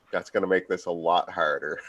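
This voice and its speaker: A man in a casual chat telling an unhurried story. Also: sits low, husky, no echo, lo-fi sound.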